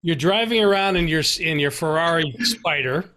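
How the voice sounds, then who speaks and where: A man's voice: on the high side, moderate pace, heavy background noise. A man hosting an interview, prodding his guest with questions and restarting his phrases as he searches for words. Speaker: interview host.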